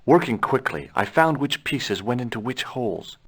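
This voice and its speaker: A man's voice: mid-range voice, very animated, normal speed, a bit bright, breathy edge. An actor voicing a curious young adventurer in a video game, asking questions in a casual, dry way and narrating his story.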